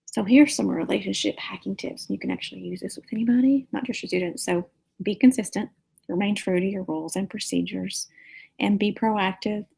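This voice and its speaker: A woman's voice: mid-range voice, steady tone, fairly quick, creaky, warm tone, husky, poor audio. A woman teacher giving an earnest, practical lecture on managing a classroom, illustrated with stories from school.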